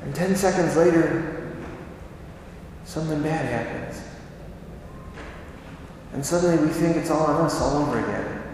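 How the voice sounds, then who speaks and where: A man's voice: fairly high pitch, measured pace, long pauses, a little mellow, slight background noise. A man giving a conversational sermon, asking rhetorical questions and repeating phrases for emphasis. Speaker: preacher. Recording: echoey hall, voice from far off.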